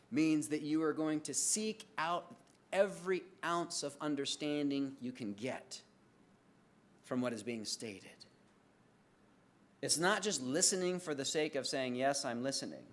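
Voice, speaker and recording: A middle-aged male pastor preaching a sermon in a conversational way, acting out little everyday dialogues as he goes. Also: medium pitch. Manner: conversational, acts out little dialogues with lively swings of voice.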